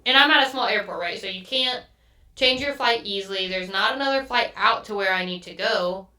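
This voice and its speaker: A woman's voice: mid-range voice, brisk, sharp tone. A woman hosting a podcast, telling a story in a casual, exasperated rant and swearing often. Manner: exasperated, swears a lot, quotes others mid-story. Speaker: podcast host. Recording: echoey room, mic at a distance.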